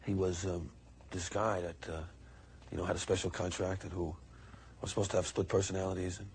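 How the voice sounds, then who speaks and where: Blunt, deep-voiced man from New York. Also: flat delivery, fairly quick, a little mellow, a little hiss or hum. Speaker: actor recalling a co-star. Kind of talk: documentary interview.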